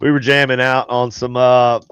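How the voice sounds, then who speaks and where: A man's voice: medium pitch, little pitch movement, normal speed, fairly bright tone, smooth, dry recording. A man hosting a paranormal talk show, chatting casually in a rambling, jokey way. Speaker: podcast host. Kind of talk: casual chat.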